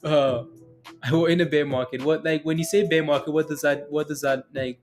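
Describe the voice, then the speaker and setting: A man's voice: fairly high pitch, steady tone, moderate pace, faint music behind. A man hosting a casual day-trading livestream, talking through charts and answering chat questions, rambling with frequent chuckles and fillers.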